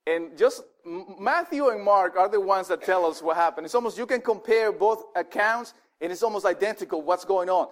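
A male pastor giving a sermon in an animated, conversational way, often restarting his words. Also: high-pitched, moderate pace, hardly any pauses.

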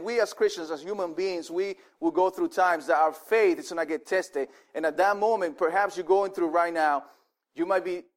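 A male pastor with a high voice delivers a sermon in an animated, conversational manner. He frequently restarts what he's saying.

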